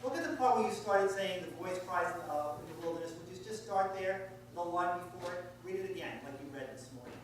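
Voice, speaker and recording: A man's voice: sits high, animated, a little fast, hardly any pauses, noisy background. A male pastor giving an informal, conversational sermon, quizzing his congregation as he goes. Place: church sanctuary. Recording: echoey church from far off.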